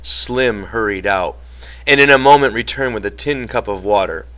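Bright-voiced male audiobook narrator. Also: lowish voice, moderate pace. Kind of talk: novel reading.

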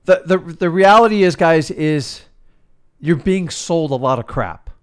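A middle-aged man coaching in an emphatic, worked-up rant, swinging between loud bursts and quiet asides. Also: a little high, animated, unhurried, smooth. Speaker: real estate coach.

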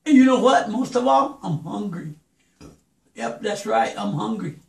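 Hoarse, chatty man teaching vocal recording. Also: high voice, animated, a little slow, echoey room. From New Mexico. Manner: chatty, calls listener brother. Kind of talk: casual home-studio tutorial.

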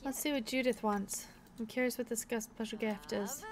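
A woman's voice: a little high, moderate pace, a crowd in the background. A young woman hosting a let's play, giving casual gameplay commentary in a chatty, encouraging way as she thinks aloud.

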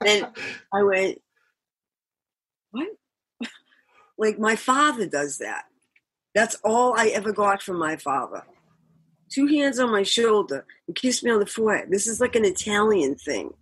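An older woman from the Boston area, a musician guest telling an animated story, laughing often and acting out quotes. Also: mid-range voice, measured pace, long pauses, husky, dry recording. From Boston area, USA. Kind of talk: storytelling interview.

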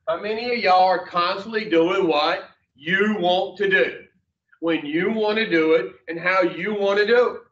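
A man's voice: high-pitched, a bit bright. A man, teaching a recovery class in a blunt, folksy way with mild swearing. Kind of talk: plain-spoken class talk. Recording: echoey, distant, dull room recording.

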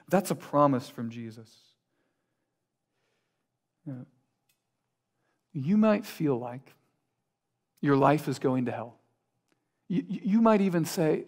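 Male pastor, high-ish voice, earnest sermon delivery with repetition and quiet drops. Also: animated, slow, vocal fry, pauses often.

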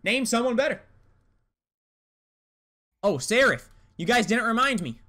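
A man's voice: very high voice, big pitch swings, measured pace, pushed and bright. A young man giving live gameplay commentary, trash-talking opponents in a hyped, slangy way. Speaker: gaming YouTuber.

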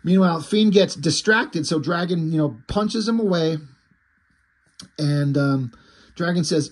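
A man casually recapping a comic book, excited, loose and a bit profane. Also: fairly high pitch, unhurried, slightly rough.

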